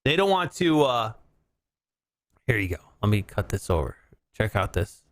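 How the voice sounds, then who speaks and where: A man hosting a podcast, riffing in casual comic chat, rambling and breaking into shouts for bits. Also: on the low side, very animated, moderate pace, a little hiss or hum. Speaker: podcast host.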